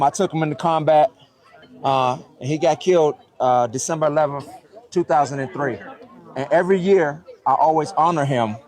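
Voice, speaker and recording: A man's voice: on the high side, a little mellow. A man presenting an award as head of the organization, heartfelt and choked up, often checking in with "right?". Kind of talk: emotional award speech.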